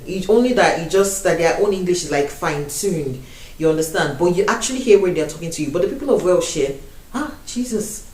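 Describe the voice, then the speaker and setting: A young woman with a Nigerian accent talks to her camera in a chatty, laughing way, now and then dropping into Pidgin. Her voice sits a little low. She is recorded at some distance from the mic in a room with a clear echo. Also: a little mellow. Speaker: vlogger. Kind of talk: casual vlog talk to camera.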